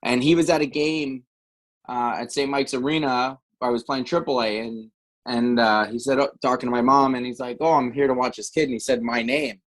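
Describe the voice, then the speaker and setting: A man's voice: medium pitch, fairly even intonation, moderate pace, a bit bright, poor audio. A middle-aged man from Canada, a former hockey player telling stories on a podcast in a rambling way, with many restarts. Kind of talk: casual storytelling.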